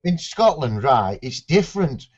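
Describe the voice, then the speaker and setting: A man's voice: medium pitch, very animated, measured pace, lo-fi sound, a little hiss or hum. An English man living in Scotland, swearing freely and telling stories in a casual online chat. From England. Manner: swears freely, mimics others in a raised voice. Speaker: chat participant.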